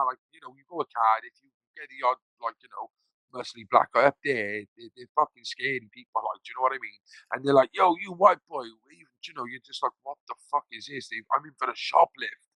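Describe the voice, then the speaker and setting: A man's voice: medium pitch, brisk, vocal fry, pushed and bright, no echo, low-quality recording. A man, a podcast guest telling his story casually, rambling, swearing freely and acting out the voices of people he quotes.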